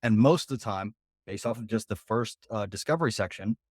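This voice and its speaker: A man's voice: lowish voice, darkish tone, dry recording, clean studio sound. Direct-talking male business coach. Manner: casual, direct, acts out quick client dialogues. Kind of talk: coaching talk on a group call. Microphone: video call.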